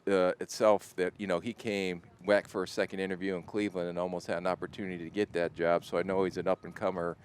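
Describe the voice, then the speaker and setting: A middle-aged man with an Ohio accent, a football executive speaking as a guest in a radio interview, relaxed and self-deprecating. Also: sits low, quick pace, hardly any pauses, a little hiss or hum. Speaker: NFL general manager guest.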